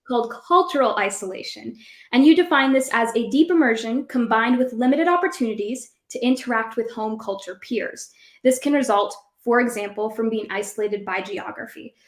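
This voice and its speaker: A woman's voice: on the high side, moderate pace. A woman hosting a conversational podcast, explaining ideas and leading into questions for her guest. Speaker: host. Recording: roomy echo.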